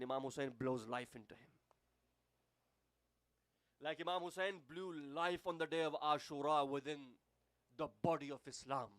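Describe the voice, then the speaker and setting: A British man preaching a sermon with a fairly high voice. He climbs to emphatic, fervent peaks and then sinks into hushed, solemn passages. The sound is dry and close, with no room around it. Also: no echo. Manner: impassioned, rising to emphatic peaks then dropping to hushed tones.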